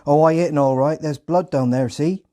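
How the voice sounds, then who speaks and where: A gruff Hampshire farmhand calling out in broad rustic dialect, as a podcast narrator puts him on. The voice jumps well above the man's usual mellow tone, louder and livelier. It has the rough, plain manner of a country labourer from an old film. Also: fairly high pitch, normal speed, voice pushed up, close to an everyday voice. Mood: gruff musing. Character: gruff rural English farmhand, grown man, blunt.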